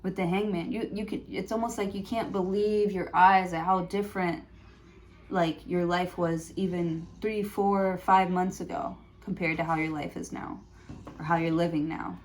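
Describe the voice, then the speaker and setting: A woman's voice: lowish voice, fairly even intonation, moderate pace. A woman giving a prerecorded tarot reading, thinking aloud with many fillers and restarts. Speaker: tarot reader.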